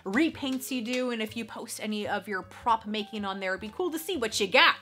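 Bubbly, bright-voiced Canadian woman vlogger. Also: fairly high pitch. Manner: bubbly, gushing, squeals with excitement. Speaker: collector vlogger opening fan mail. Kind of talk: casual unboxing chat.

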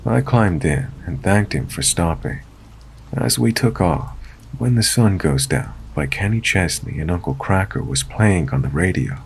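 A man reads a first-person horror story in a steady, low-key way. His voice sits very low with a gravelly fry running through it. Faint background noise sits under his voice. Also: measured pace.

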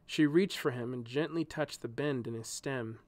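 A male narrator reads a storybook aloud in a gentle, measured way. His voice sits at an ordinary middle pitch, and the recording is close and very dry, like a home studio. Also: no room sound.

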